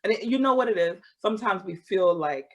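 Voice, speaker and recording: A woman's voice: medium pitch, lively intonation, brisk, muffled recording. A woman co-hosting a podcast, speaking in a reflective and heartfelt way, with vivid images. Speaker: podcast co-host. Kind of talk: candid casual chat.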